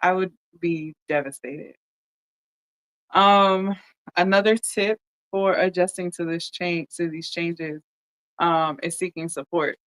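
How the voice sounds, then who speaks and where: A podcast host speaking candidly in a casual monologue, talking straight to listeners, pausing on "um" and often checking in with "right?". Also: medium pitch, steady tone, a bit bright, clear, resonant tone, dry recording, poor audio. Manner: pauses with frequent ums.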